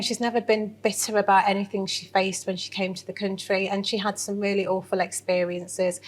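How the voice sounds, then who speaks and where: A woman giving a candid interview, talking animatedly with lots of fillers and restarts. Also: mid-range voice. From England. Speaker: interview guest. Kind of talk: casual interview.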